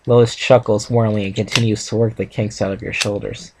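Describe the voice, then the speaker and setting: A man's voice: on the low side, little pitch movement, brisk, noisy background. A young man reading a fan story aloud with stumbles and joking asides between friends. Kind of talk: casual reading and reaction chat.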